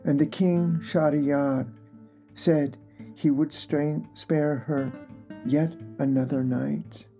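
A man telling an old tale aloud, with slow, unhurried delivery. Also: a little high, steady tone, mellow, faint music behind. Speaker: storyteller. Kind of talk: oral storytelling.

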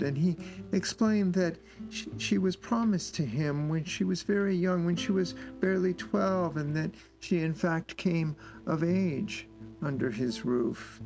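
A man's voice: high voice, measured pace, darkish tone, rough recording. A man telling a long folk tale aloud, repeating phrases for emphasis as he goes. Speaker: storyteller. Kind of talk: oral storytelling. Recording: instrumental music playing behind.

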